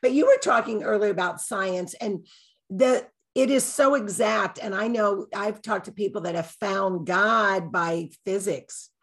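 A woman hosting a casual faith chat on a video call, answering with calm reassurance. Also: medium pitch, measured pace.

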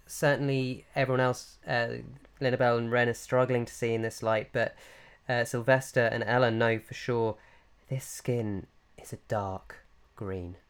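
A man running a tabletop game as game master, narrating scenes in a descriptive, unhurried way with frequent fillers. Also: mid-range voice, fairly even intonation, clean tone.

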